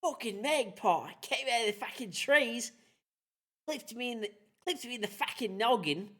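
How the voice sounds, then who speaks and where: Man doing a cursing Australian bloke, high-pitched, indignant, put-on accent. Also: animated, normal speed, fairly bright tone, exaggerated voice. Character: grumpy Australian man hit by a magpie.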